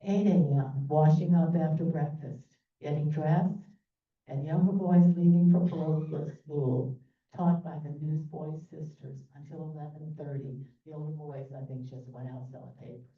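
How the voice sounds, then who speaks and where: A woman's voice: sits low, steady tone, normal speed. Chatty woman lecturing in an echoey room. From New Orleans. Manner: chatty, loose, many fillers and asides. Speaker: presenter. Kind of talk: history talk with slides. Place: meeting room. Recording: echoey, distant, phone-like sound.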